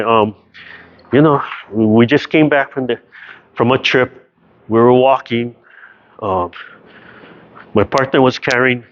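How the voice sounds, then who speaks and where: Man teaching tai chi over a video call. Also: mid-range voice. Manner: explanatory, keeps checking with "right?". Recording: dull lo-fi video call audio.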